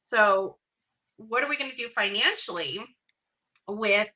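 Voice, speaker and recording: A woman in her thirties, a podcast guest, telling her personal story in an earnest, heartfelt way with hesitant pauses. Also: mid-range voice, lively intonation, bright, forceful tone, lo-fi sound.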